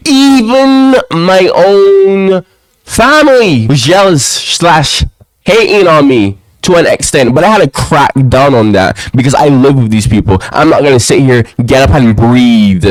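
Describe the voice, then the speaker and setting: A young man ranting to camera in a casual monologue at home, often tacking a low "bro" onto his lines. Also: no room sound, rough recording. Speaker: vlogger. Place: quiet home, alone.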